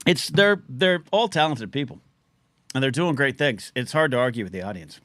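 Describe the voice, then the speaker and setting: A man's voice: mid-range voice, expressive, fairly bright tone, dry recording. Man, middle-aged, livestream host, rambling chat, scratchy throat, dry sound. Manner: chatty, quick asides, reads out chat names. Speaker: livestream call-in show host. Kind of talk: casual rambling live-stream talk.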